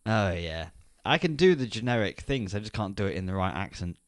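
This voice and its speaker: A man's voice: lowish voice, sing-song, a little fast, dry recording, studio quality. A man in his thirties co-hosting a podcast, chatty and rambling, laughing often. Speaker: podcast co-host. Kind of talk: casual podcast chat.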